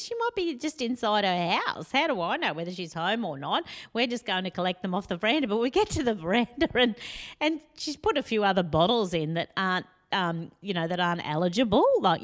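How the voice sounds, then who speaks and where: Chatty woman telling funny stories. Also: mid-range voice. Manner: chatty, animated, laughs often, rambling asides. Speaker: support worker and vlogger. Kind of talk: casual storytelling.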